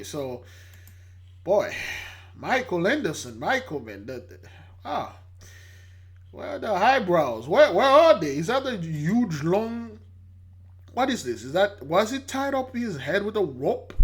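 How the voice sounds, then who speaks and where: A man's voice: high-pitched, takes it slowly. A man hosting a religious channel, giving emphatic casual commentary on a news clip. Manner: animated, emphatic, acts out quoted voices.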